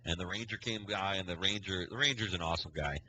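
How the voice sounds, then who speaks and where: A scoutmaster tells a long, rambling story on a casual podcast, acting out the quoted dialogue as he goes. His low voice is fast, pushed, and bright, and the rough recording carries slight background noise.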